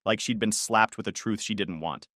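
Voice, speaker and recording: A man's voice: fairly low pitch, moderate pace, pushed and bright, dry recording, studio quality. A man narrating a first-person family drama story in a bitter, matter-of-fact way.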